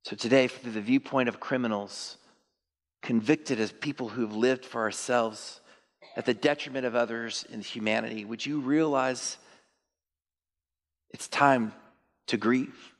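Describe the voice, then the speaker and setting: A male pastor preaching a sermon to his church, animated, sometimes mimicking churchgoers in high put-on voices. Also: measured pace, pauses often. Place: church sanctuary. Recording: long reverb of a large hall.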